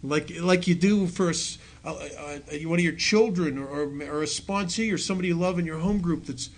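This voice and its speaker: A man's voice: fairly high pitch, brisk. A middle-aged man speaking to a recovery group, telling stories conversationally and poking fun at himself, laughing at his own jokes. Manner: self-mocking storyteller who laughs at his own jokes; conversational, full of restarts and asides to the audience. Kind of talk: talk to a recovery audience.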